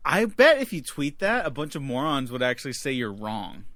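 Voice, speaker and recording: A man's voice: medium pitch, very animated, normal speed, sharp tone, no room sound. Wry podcast man, dry close sound. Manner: wry, sarcastic, filler-heavy with frequent "like". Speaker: podcast co-host. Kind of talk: casual movie review chat.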